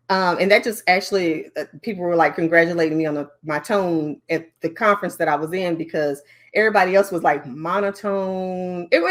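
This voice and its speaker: Chatty woman presenting a training. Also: fairly low pitch. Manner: lively, chatty, many fillers and asides. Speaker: learning design presenter. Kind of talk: conference training session.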